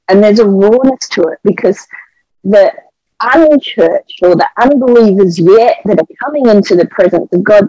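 A woman's voice: mid-range voice, no echo, lo-fi sound. Earnest Australian woman telling a story. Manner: earnest, emotional, animated retelling. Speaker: pastor's wife and evangelist. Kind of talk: testimony storytelling on a podcast.

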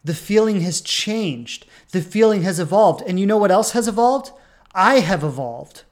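An earnest relationship coach speaks in a reflective podcast monologue and leans on repeated phrases to drive each point home. The voice sits at a middle pitch. Now and then it jumps into a sudden loud burst before settling back to a calm, steady tone. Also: moderate pace.

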